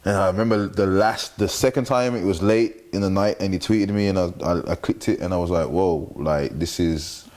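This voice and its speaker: Young male interviewer, deep voice, laid-back rambling questions. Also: moderate pace, few pauses. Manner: relaxed, loose questions full of restarts and fillers. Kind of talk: casual interview chat.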